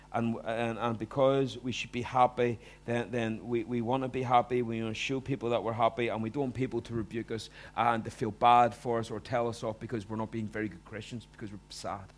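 A man preaching a sermon in a conversational way, acting out quoted voices with big swings. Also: mid-range voice.

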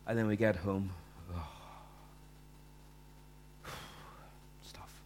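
A man's voice: deep voice, extremely slow, long pauses, noisy background. A man preaching a sermon in a conversational way, acting out quoted voices with big swings.

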